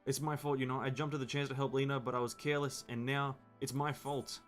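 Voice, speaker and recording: An anxious young girl blames herself for everything, in plain game dialogue. A man reads her lines aloud without putting on a voice, in an ordinary mid-range pitch over soft music. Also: little pitch movement, fast talker, natural voice. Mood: worried.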